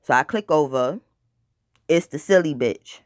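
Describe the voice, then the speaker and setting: A woman's voice: low-pitched, unhurried, no room sound, clean studio sound. Blunt profane woman telling a story. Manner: rambling with filler words. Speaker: storytime vlogger. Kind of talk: casual storytelling.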